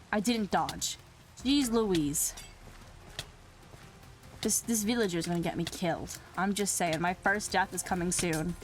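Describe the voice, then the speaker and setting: A young woman hosts a Minecraft let's play, chatting casually and getting flustered as she talks back to the game's mobs. Her delivery swings from loud exclaiming to low muttering.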